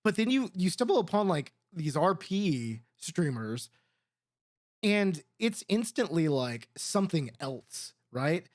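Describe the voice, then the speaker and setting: A slightly higher-pitched man chatting on a gaming podcast, building his point one step at a time. The sound is dry and close to the mic. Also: sing-song, takes it slowly, dry recording. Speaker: podcast co-host. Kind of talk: casual podcast chat.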